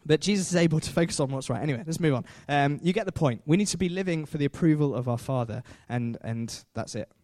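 A man's voice: on the high side, lively intonation, fast talker, hardly any pauses, darkish tone, no room sound, studio quality. A man preaching a sermon in a chatty way, with self-deprecating jokes and frequent fillers.

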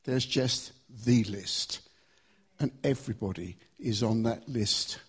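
Husky man preaching a sermon. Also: medium pitch. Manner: emphatic, varied pace with slow stressed phrases.

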